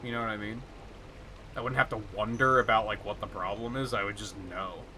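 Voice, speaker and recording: A man's voice: on the low side, steady tone, brisk, sharp tone, a little hiss or hum. A man streaming a video game live, rambling casually and thinking aloud as he plays. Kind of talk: casual live gameplay commentary.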